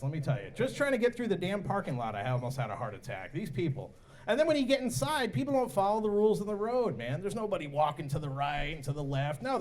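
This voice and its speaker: A man with a high, lively voice works through a stand-up set at a bar comedy night. He talks casually and leaps up into squeaky voices whenever he plays the other people in his stories. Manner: animated, jumps into high-pitched voices for other characters.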